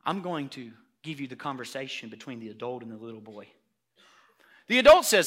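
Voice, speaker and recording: A man preaching a sermon emphatically and loudly, repeating words for emphasis. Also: medium pitch, very animated, fairly quick. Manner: emphatic, loud, repetitive preaching.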